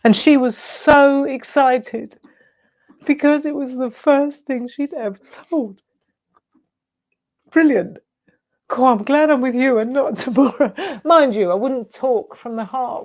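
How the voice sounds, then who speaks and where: Older woman, sixties, craft show host, effusive, chatty, unhurried delivery. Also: fairly high pitch, darkish tone, dry recording. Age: 60s. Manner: effusive and gushing, storytelling asides.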